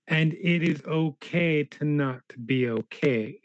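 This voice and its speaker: A man's voice: on the high side, slow pace, hardly any pauses, no room sound, lo-fi sound. A man playing his character in a tabletop role-play game, talking in a rambling way and swearing freely.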